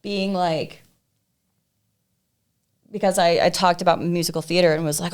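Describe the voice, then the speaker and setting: A woman's voice: on the low side, steady tone, normal speed, pauses often, smooth. A woman guest on a podcast, talking casually and emphatically, often swearing as she tells her story. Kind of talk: casual chat.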